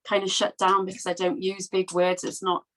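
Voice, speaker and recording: A woman with a Welsh accent, a trainee therapist speaking in a workshop discussion, nervous and heartfelt with halting restarts, on a video call. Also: medium pitch, completely flat delivery, poor audio. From Wales. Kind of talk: casual discussion.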